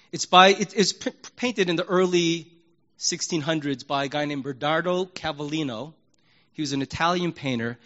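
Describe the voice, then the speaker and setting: Animated male pastor, slightly high voice. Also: highs cut off. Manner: animated, emphatic preaching that swings between loud and hushed; conversational and candid, acts out prayers in his own voice. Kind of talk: sermon.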